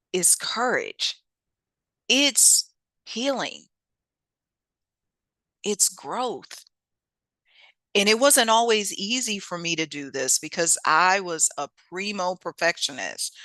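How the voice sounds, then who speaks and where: A woman hosting a motivational self-help talk, lively and preachy, with casual speech. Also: mid-range voice, dry recording. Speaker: host.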